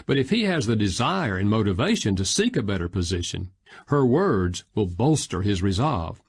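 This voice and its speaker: Man, low husky voice, lively pitch, measured audiobook narration.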